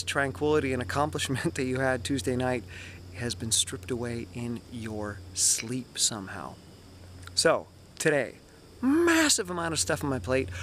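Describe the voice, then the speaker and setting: Energetic man in his forties, outdoors. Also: medium pitch, a little hiss or hum. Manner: energetic, candid self-talk. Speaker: running vlogger. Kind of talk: motivational vlog monologue. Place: outdoors in the woods.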